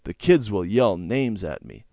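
A man voicing a rough, sulky neighbor boy who mutters grudgingly in a children's storybook reading. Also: on the low side, sing-song, unhurried, a little mellow, no echo, studio quality, heavily acted. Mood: sullen.

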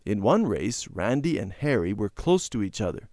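Man, storyteller, lively inflection, dry close recording. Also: lowish voice, moderate pace, dry recording. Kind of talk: reading a children's Bible story aloud.

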